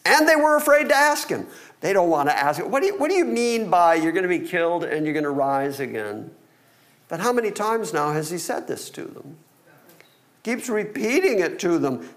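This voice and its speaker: Animated man preaching a sermon. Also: high voice. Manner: animated, acts out the disciples. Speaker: pastor. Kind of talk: sermon with Bible reading.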